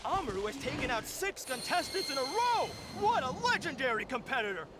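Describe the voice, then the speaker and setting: A man voicing an excitable arena announcer who builds hype in a booming way. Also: fairly quick, very noisy. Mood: hyped. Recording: game audio with loud crowd.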